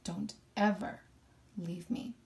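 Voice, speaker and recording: A woman reading the part of a grief-stricken mother who pleads loudly and slowly. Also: mid-range voice, steady tone, creaky. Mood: pleading. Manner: loud, slow, desperate pleading.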